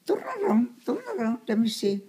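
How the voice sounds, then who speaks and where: A woman's voice: fairly high pitch, very animated, a little fast, warm tone, voice pushed up. An old woman putting on the voice of a cheerful male family doctor, chirping short repeated words.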